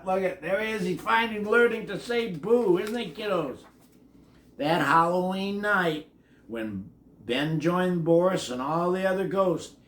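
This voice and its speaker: A man's voice: a little high, expressive, a little slow. An older man reading a picture book aloud to children, adding chatty asides to his young listeners. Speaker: storybook reader. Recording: echoey room.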